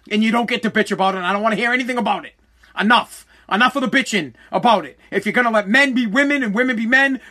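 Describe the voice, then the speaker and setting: Bright, high-pitched Boston man ranting. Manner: loud, combative ranting with profanity. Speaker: podcast host. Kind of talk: ranting solo podcast.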